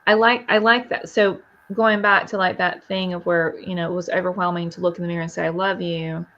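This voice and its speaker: A woman's voice: lowish voice, flat delivery, quick pace, pushed and bright, lo-fi sound. A woman co-hosting a podcast, talking in a reflective, encouraging way. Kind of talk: casual conversational interview.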